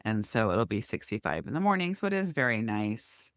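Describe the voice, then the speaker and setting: A middle-aged woman co-hosting a podcast, telling a long story in a lively, chatty way. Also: very deep voice, a little fast, no echo, studio quality. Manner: lively storytelling, acts out quoted neighbors. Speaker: podcast co-host. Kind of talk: casual chat.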